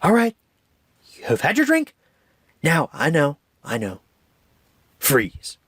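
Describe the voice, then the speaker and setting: An exasperated superhero speaks in a raised, emphatic voice, as a man acts him out. He is quick-tempered but cool-headed. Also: fairly high pitch, wildly swooping pitch, a bit bright, breathy edge, dry recording, studio quality, voice pushed up, heavily acted.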